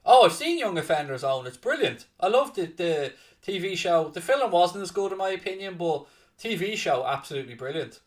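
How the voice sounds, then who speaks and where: A man hosting a live football watchalong, chatting casually to viewers and breaking into loud excited shouting. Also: high-pitched, brisk, distant mic. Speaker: watchalong host and commentator. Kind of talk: casual live match commentary.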